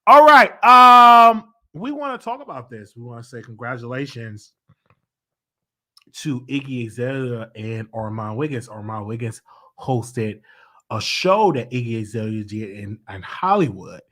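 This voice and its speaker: A man's voice: medium pitch, lively intonation, a little slow, bright, forceful tone. A man with a Southern US accent hosting his own show, chatting casually and playfully with laughing asides. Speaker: show host. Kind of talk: casual solo commentary.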